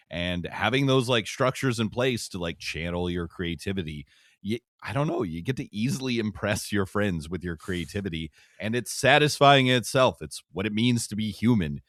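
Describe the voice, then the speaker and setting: A man co-hosting a podcast in casual chat, relaxed and wry with many fillers. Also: deep voice, dry recording, clean studio sound. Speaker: podcast co-host.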